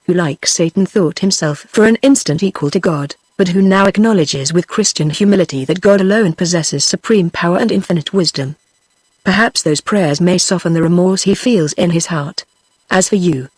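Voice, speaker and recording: A text-to-speech voice of a woman with a British accent, reading a classic novel aloud and voicing every character in the same even manner. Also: on the low side, husky, no room sound. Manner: even, unvarying delivery of all characters. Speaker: narrator.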